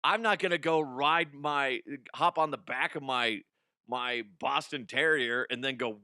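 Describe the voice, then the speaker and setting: A young man hosts a comedy news podcast in a loose, profane rant, laughing at his own jokes and slipping into mocking voices. His voice sits at an ordinary middle pitch. The sound is close and dry, with no room around it. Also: unhurried, sharp tone, clear, resonant tone, dry recording.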